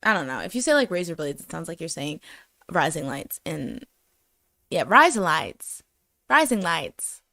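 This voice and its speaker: A woman's voice: low-pitched, animated, normal speed, long pauses, fairly bright tone, no room sound. A woman co-hosting a casual show, reading live comments aloud in a giggly, self-deprecating, rambling way. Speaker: podcast co-host.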